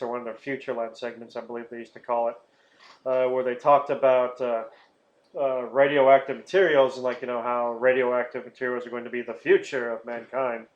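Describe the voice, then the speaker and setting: A man's voice: mid-range voice, darkish tone. A man co-hosting a podcast, rambling through stories with lots of swearing and laughter. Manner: rambling, profane, laughs often. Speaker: podcast co-host. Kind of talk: casual chat. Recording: roomy, dull lo-fi sound.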